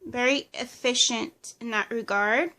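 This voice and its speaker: A woman with a fairly high voice talks through a tarot reading. She lists impressions as they come, pausing and hedging with plenty of fillers. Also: pushed and bright. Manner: hesitant, channeling impressions, many fillers. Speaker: tarot reader. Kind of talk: casual pick-a-card reading.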